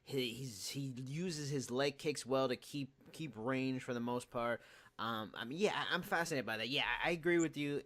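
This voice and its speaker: A man's voice: medium pitch, moderate pace, a bit bright. A man hosting a podcast, chatting casually and breaking down details analytically. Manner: analytical, talks through details at length. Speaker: podcast host. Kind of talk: casual chat.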